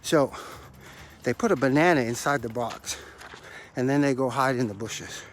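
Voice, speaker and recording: A man's voice: mid-range voice, moderate pace, a little hiss or hum. A man hosting a motivational podcast as a life coach, out of breath from running stairs, talking emphatically and repeating his key phrases like a preacher.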